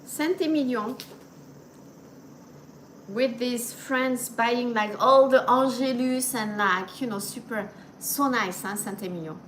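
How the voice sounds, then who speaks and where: Middle-aged woman, French accent, easygoing chatty host mixing in French and Japanese words, slow delivery, slightly high voice. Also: fairly even intonation, a bit bright, a little hiss or hum, low-quality recording. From France. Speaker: channel host. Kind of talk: casual livestream chat.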